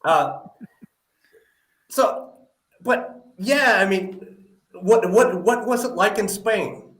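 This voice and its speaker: A man's voice: high voice, drawn-out words, a bit bright. A man hosting a live-stream podcast, chatting upbeat with lots of "uh" fillers. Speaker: podcast host. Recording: roomy echoey audio.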